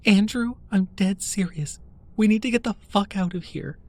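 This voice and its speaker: Man voicing a shrill panicked young woman. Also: animated, normal speed, a little mellow. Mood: trembling. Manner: high, shrill and urgent.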